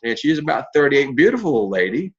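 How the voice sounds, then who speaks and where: A man's voice: medium pitch, sing-song, quick pace, husky, highs cut off. Blunt folksy man in his fifties. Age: 50s. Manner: folksy, blunt storyteller with mild cursing. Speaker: network marketing leader. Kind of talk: motivational talk.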